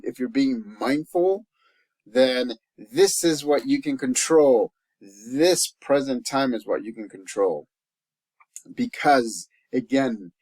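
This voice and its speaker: An earnest man from El Salvador talks as a life coach in a reflective vlog, restarting his sentences as he works through his thoughts. His voice sits in a middle register and at times sinks soft and quiet with emotion. The sound is dry and close, with no room echo. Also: medium pitch. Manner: earnest and halting, with many restarts. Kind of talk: personal reflective vlog talk.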